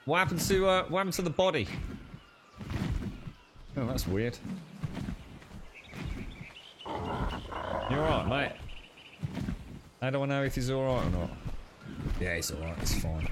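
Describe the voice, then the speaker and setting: A man's voice: mid-range voice, lively intonation, measured pace, long pauses, heavy background noise. A man streaming a game, joking and swearing as he talks to his pet creature. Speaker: gaming streamer. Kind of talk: live game commentary. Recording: game music clearly heard behind. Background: game music.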